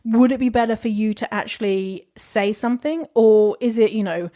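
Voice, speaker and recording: A woman's voice: fairly high pitch, moderate pace, warm tone. Candid woman podcasting. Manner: candid and chatty, swears freely, laughs often. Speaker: podcast host. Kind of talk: casual advice monologue.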